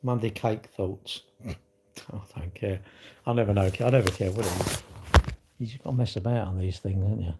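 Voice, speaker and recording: A man's voice: on the low side, fairly even intonation, normal speed, pauses often, heavy background noise. Rambling, blunt man chatting live. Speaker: live-stream host. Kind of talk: casual live-stream chat, reading viewer comments.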